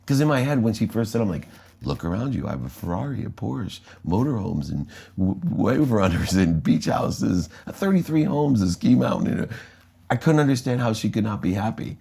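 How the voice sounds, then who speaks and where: Deep-voiced American man telling a story. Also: fairly quick, gravelly, breathy edge. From United States. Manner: animated storyteller, acting out quoted dialogue. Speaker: interview guest. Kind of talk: storytelling in a podcast interview.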